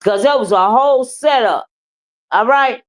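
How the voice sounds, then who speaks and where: A woman's voice: a little high, a little slow. Blunt, profane woman commentator. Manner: blunt, profane, animated, trash-talking. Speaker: livestream commentator. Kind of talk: live commentary and chat with viewers.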